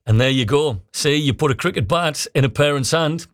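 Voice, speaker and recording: A man's voice: fairly high pitch, a little fast, no echo, clean studio sound. Chatty man on breakfast radio. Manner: chatty, joking, reads out listener messages. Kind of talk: casual radio chat.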